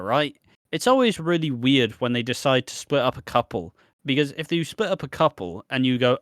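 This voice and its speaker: A man's voice: medium pitch, very animated, normal speed, a bit bright, no echo, studio quality. A man co-hosting a podcast, rambling in casual chat with lots of restarts and the odd swear. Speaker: podcast co-host.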